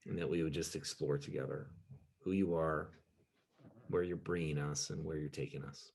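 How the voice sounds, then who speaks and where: A man's voice: extremely low pitch, steady tone, normal speed, a little mellow, breathy edge. A pastor speaking to his group in a casual teaching talk, rambling and self-deprecating and peppering his stories with "you know". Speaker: pastor leading a group discussion.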